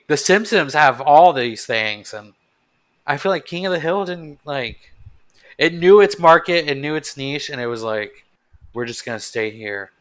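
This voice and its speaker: A man's voice: on the high side, fairly bright tone. A man co-hosting a podcast, chatting casually and making dry, wry remarks. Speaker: podcast co-host. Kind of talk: casual chat.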